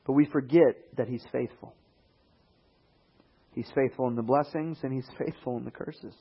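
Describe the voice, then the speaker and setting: A man preaching a sermon, animated, swinging into quoted voices and rising emphasis. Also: mid-range voice, moderate pace, slightly rough, highs cut off.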